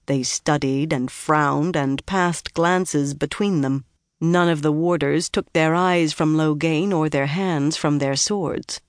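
An audiobook narrator reading a fantasy novel in a measured, even way. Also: medium pitch, smooth, no echo, studio quality.

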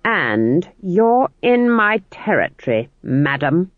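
Brief: bawdy old village witch, voiced by the narrator, snappish and shrill, lively pitch, tinny audio. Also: slow pace, no echo. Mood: menacing. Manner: sharp, snapping and shrieking in the quarrel. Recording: tinny phone-like audio, dry.

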